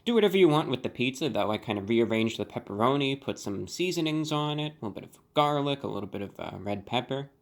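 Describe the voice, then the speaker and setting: Deadpan man hosting a food vlog. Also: mid-range voice, fast, hardly any pauses. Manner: earnest deadpan delivery with playful voiced catchphrases. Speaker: food reviewer. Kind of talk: deadpan comic vlog monologue.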